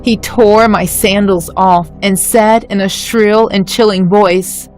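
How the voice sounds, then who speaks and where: A woman reading a scripted first-person horror story in a measured, dramatic way. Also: medium pitch, steady tone, darkish tone, soft background music. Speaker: story narrator.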